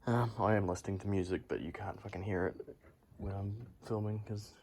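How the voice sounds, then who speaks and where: A young man's low, darkish voice stays fairly even in intonation as he chats briskly in a garage. This vlogger films on a handheld phone, rambling and swearing often in his casual chat.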